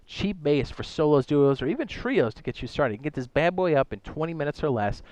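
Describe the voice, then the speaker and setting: A man of middle pitch, recorded close and dry with almost no room sound, reads down a long list of game fixes. He adds quick joking asides and stumbles, then corrects himself. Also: animated, a little mellow, no echo. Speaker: gaming YouTuber reading patch notes. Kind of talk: casual commentary reading a list aloud.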